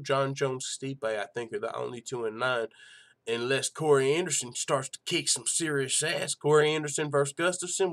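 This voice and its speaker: A man's voice: mid-range voice, a bit bright. A young man hosting a live MMA talk stream in a loose, slangy, profane manner, chatting casually and reading viewer comments. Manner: loose, slangy and profane, with frequent "you know what I'm saying". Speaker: host of a live MMA news show.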